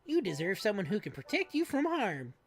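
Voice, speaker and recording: A woman's voice: huge pitch swings, a little fast. A woman doing an earnest young boy hero. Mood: earnest vow. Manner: high, declaiming, melodramatic. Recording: faint game music behind.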